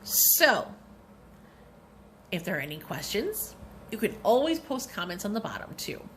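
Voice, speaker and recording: A woman's voice: medium pitch, sing-song, measured pace, fairly bright tone, a little hiss or hum. A woman, a librarian leading a cheerful craft demo at her kitchen table, talking to viewers in a sing-song way.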